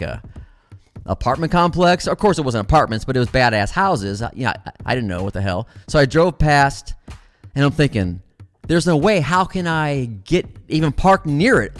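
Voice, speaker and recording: A middle-aged man with a slightly high voice tells a comic story, cursing freely and getting excitable. His delivery is loose and animated, with faint music underneath. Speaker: comedian host.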